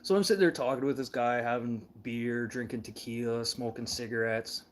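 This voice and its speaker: A man's voice: mid-range voice, steady tone, moderate pace, a little hiss or hum. A man telling rambling, casual stories, swearing freely and laughing as he goes. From Canada. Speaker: show host. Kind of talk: casual storytelling chat.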